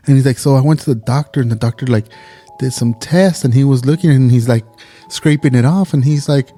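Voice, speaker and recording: Forties guy on a podcast, warm low-key voice, rambly swearing storyteller. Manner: loose, profane storytelling. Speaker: podcast co-host. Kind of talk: casual chat.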